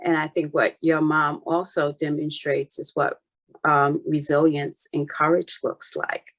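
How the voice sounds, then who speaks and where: Woman host, lower voice, kinda halting, asks the guest stuff. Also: flat delivery. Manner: halting, many fillers and restarts. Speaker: interviewer, host. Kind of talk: interview questions.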